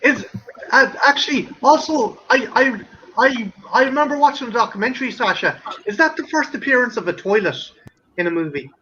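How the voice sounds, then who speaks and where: A man's voice: extremely high pitch, lively intonation, a little fast, pushed and bright, lo-fi sound, slight background noise. An Irish man hosting a casual stream chat, joking and swearing often as he rambles. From Ireland. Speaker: stream host.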